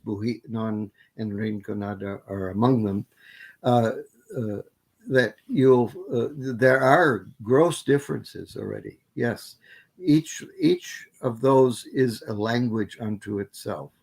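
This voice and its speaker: A man's voice: fairly low pitch, lively intonation, takes it slowly, gravelly, darkish tone. Rambling man answering questions. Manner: rambling, self-correcting with many fillers. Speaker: guest lecturer. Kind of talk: academic Q&A answer.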